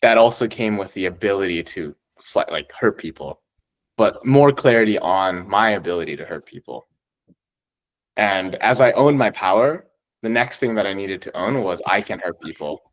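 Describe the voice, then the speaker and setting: Excitable man, swears a lot, laughs mid-sentence, lowish voice, podcast guest chat. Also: normal speed, low-quality recording. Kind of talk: casual chat.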